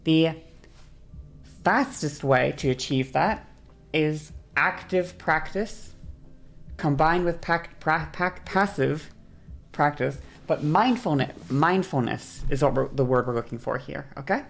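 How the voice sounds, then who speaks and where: A woman's voice: deep voice, slow, vocal fry, soft background music. A woman streamer casually explaining, demonstrating by sliding her voice up and down, rambling and correcting herself as she goes. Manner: rambling, self-correcting, laughs often.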